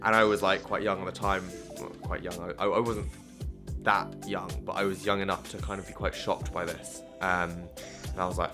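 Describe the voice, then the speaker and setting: A man's voice: sits low, flat delivery, moderate pace, music in the background. A young man talking candidly to camera in a casual vlog, rambling with many restarts and fillers. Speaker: vlogger.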